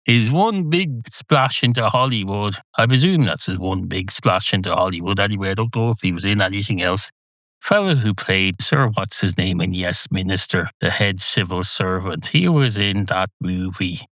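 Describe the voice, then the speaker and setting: Male podcast host, slightly low voice, dry close sound, wandering wry monologue. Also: lively intonation, moderate pace, fairly bright tone, no room sound. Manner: wry, digressive, self-mocking. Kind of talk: solo rambling monologue.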